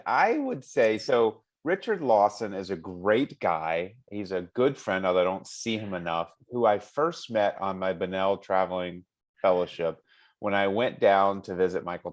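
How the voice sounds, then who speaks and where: Chatty, low-voiced man. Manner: chatty and amused, laughs often. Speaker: hand surgeon podcast host. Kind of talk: casual podcast chat, reading an email aloud.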